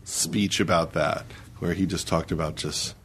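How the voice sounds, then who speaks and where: A man telling comic anecdotes in a casual podcast chat as a guest, jumping into high, exasperated voices as he acts out his stories. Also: fairly even intonation, measured pace, fairly bright tone, a little hiss or hum.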